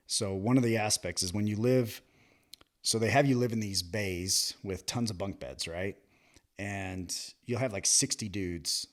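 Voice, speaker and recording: A man in his thirties, a podcast guest, casually telling stories and acting out the dialogue, with frequent laughs. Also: sits low. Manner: animated, acts out quoted dialogue, laughs often. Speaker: podcast guest, military veteran. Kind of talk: casual storytelling chat.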